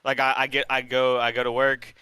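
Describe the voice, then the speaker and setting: Young man in his twenties, very bright crisp voice, dry sound, chatty and rambling. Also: medium pitch, monotone, brisk, no echo, low-quality recording. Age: 20s. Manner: rambling, chatty, trails off quietly. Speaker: student player being coached. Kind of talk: casual chat.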